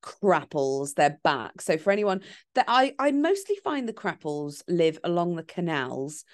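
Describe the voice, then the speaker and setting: Co-host: woman, slightly low voice, chatty and supportive. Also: expressive, normal speed. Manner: chatty, with frequent short agreements. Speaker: podcast co-host. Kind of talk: casual chat.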